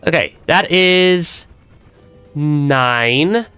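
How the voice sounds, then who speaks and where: A man's voice: a little high, very slow, bright, forceful tone, clear, resonant tone, dry recording, soft background music. A man streaming a game with a stuffy nose, chatting casually, laughing often and restarting his sentences. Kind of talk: casual gameplay commentary.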